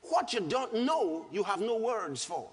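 Male preacher, lively husky voice, reverberant hall, soft music behind. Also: high voice, a little slow. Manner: emphatic, repeats his points. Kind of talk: sermon.

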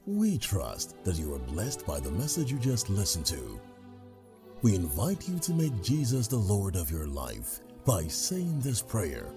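A man's voice: low-pitched, wildly swooping pitch, over music. A man solemnly reading a closing prayer for listeners to repeat. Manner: slow and solemn. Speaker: closing announcer leading a prayer. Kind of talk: slow scripted prayer reading.

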